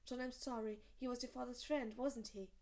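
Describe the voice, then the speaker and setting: A woman reading aloud, voicing a friendly, curious young man who keeps his voice low. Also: steady tone, brisk, close to an everyday voice. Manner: hushed, curious.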